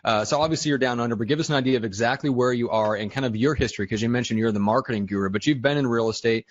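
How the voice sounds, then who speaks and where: A man hosting a podcast in an energetic, joking style, with quick banter. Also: medium pitch, lo-fi sound. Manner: fast, hyped, joking. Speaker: podcast host.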